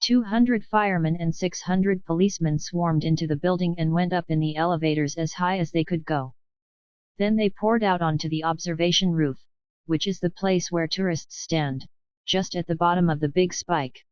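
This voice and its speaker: A woman narrates a children's audiobook in a steady, even reading. Her voice is low and smooth. The recording is dry and a little muffled. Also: normal speed, dry recording. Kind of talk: scripted narration. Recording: dull dry studio recording.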